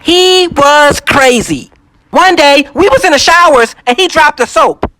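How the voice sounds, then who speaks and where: A man's voice: very high-pitched, lively intonation, unhurried, pushed and bright, no echo. A man doing stand-up comedy with a puppet, laughing at his own jokes and putting on voices. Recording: noisy room with audience crowd.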